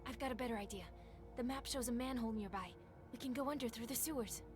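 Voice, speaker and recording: A woman voicing a practical, quick-witted young woman in a video game, planning out loud. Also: fairly high pitch, over music, close to an everyday voice.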